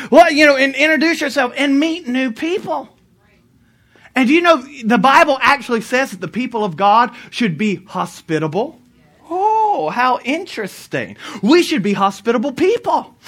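Male pastor, high voice, bright tone, animated sermon storytelling. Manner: animated, swinging from loud emphasis to soft, low retelling.

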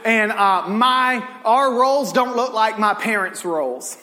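A man preaching in a church sanctuary, his voice high and bright as he spins laughing stories for the congregation. The sound rings with the long reverb of a large hall. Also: unhurried. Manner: animated, laughing, drawling Southern storyteller. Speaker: pastor. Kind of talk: sermon with storytelling and jokes.

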